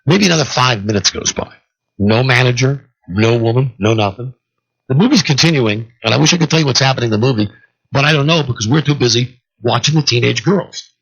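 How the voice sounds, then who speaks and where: A male talk radio host tells a long story on his own, animated and acting out the characters in it. His mid-range voice moves fairly quickly with a breathy edge, carried over a dull, lo-fi radio broadcast.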